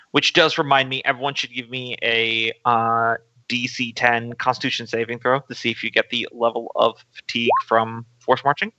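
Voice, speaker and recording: A man's voice: medium pitch, little pitch movement, moderate pace, bright, forceful tone, no echo, muffled recording. A man acting as game master, calling for rolls and describing terrain plainly. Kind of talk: running a tabletop game over a call.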